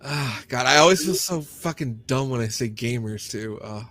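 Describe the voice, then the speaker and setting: A man's voice: medium pitch, lively intonation, moderate pace, fairly bright tone. A man hosting a podcast, talking in casual, sardonic banter and swearing a lot. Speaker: podcast host.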